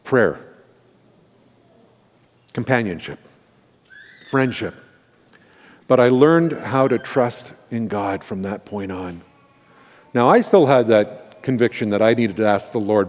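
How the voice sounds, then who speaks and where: A middle-aged male pastor telling a personal story in a sermon, animated and candid, with self-deprecating asides. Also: fairly low pitch, measured pace, pauses often. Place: church sanctuary. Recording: reverberant church hall.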